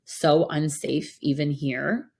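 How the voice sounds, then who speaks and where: A woman with a notably low-pitched voice co-hosts a counseling podcast, chatting casually. She tells her story in an animated way, peppering it with "like". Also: slow pace, gravelly, breathy edge. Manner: animated, frequent "like" fillers. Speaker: podcast co-host, mental health counselor.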